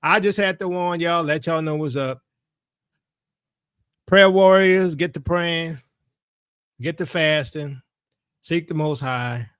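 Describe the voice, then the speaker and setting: A man's voice: fairly high pitch, a bit bright, no room sound, studio quality. A man speaking as a religious teacher, delivering a casual commentary monologue to his followers in a colloquial, storytelling way.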